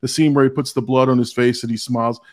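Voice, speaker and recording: A man's voice: medium pitch, flat delivery, fast, no echo, studio quality. A man hosting a podcast, talking earnestly in casual chat and often restarting as he tells personal stories. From Hispanic family background. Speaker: podcast host.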